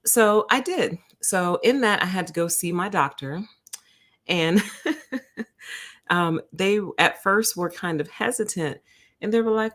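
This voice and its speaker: A woman's voice: fairly low pitch, lively intonation, unhurried, a bit bright. A woman hosting her own channel, casually telling viewers a story, laughing often and acting out both sides of a conversation. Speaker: channel host.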